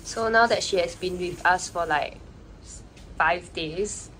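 A woman's voice: fairly low pitch, slow pace, a bit bright, a little hiss or hum, low-quality recording. A young woman, chatting casually in a vlog and explaining things with lots of "like" fillers. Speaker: vlogger.

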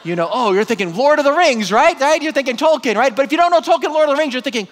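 A man giving a conversational, animated Bible talk to a live conference audience, with frequent asides. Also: very high-pitched, quick pace, big-room sound. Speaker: conference speaker.

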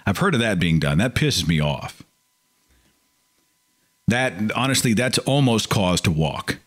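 A man's voice: lowish voice, measured pace. A man hosting a call-in podcast, talking casually and with feeling. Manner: animated, mocking impressions of pious relatives. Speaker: podcast host. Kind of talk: casual call-in show monologue.

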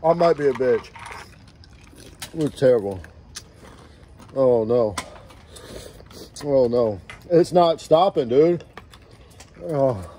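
A man's voice: medium pitch, expressive, slow pace, pauses often, dark tone, a little hiss or hum. A man vlogging a spicy food challenge, his mouth burning, nauseous and groaning as he complains. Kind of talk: casual reaction video.

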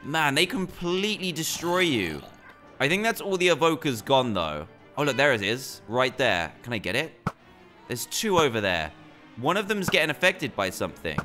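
A young British man giving excitable commentary while playing a game. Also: medium pitch, moderate pace, faint music behind. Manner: excitable, animated reactions. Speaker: gaming YouTuber. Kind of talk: gameplay commentary.

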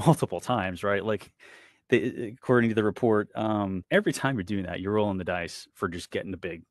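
Fired-up man, low voice, dry sound. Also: no room sound. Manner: fired-up, exasperated, emphatic. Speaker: former military pilot and analyst. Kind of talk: animated panel discussion.

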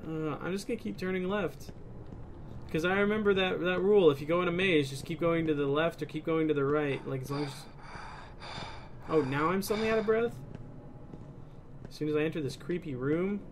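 Young male let's play host, bright high voice, excitable and profane. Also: fast talker, slight background noise. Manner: excitable, swears often, bursts of laughter. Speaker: gaming video host.

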